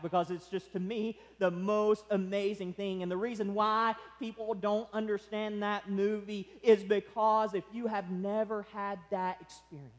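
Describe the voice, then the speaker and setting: A man preaching a sermon, swinging from loud impassioned pleading to hushed, quiet passages. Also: high voice, level tone, moderate pace, hardly any pauses. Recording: long hall reverb.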